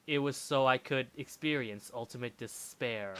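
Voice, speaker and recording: A man's voice: medium pitch, moderate pace, fairly bright tone, slight background noise, lightly acted. A man reading as a nervous teenage schoolboy. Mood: uneasy. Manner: uneasy, inner-monologue reading. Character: nervous teenage boy, new student. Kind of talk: reading game dialogue aloud. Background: game music.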